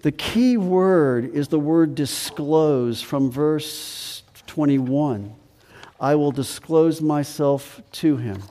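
A man's voice: on the high side, very slow, dark tone, in a large hall. A man preaching a sermon as pastor, repeating key phrases and asking rhetorical questions.

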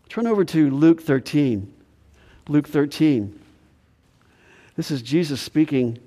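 A pastor preaching in a church hall, his voice a touch higher than most men's yet mellow and soft-edged. He presses his points by repeating words and swings between raised emphasis and quiet intensity. A long reverb trails every phrase. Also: expressive, measured pace, pauses often. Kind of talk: sermon. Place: church sanctuary.

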